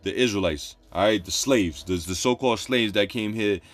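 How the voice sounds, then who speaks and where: A man's voice: fairly low pitch, moderate pace. Emphatic man preaching over faint music. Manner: emphatic, repeats points, informal street phrasing between readings. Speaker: preacher teaching scripture. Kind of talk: scripture-study sermon, reading verses and explaining.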